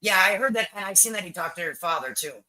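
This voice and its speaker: An older woman hosts a casual livestream, talking bluntly and repeating her points. Her voice is strikingly bright and sharp, and her pitch swings widely as she talks. She swears freely and sounds firmly opinionated. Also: animated, fast, poor audio. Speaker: livestream host. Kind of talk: casual chat with viewers.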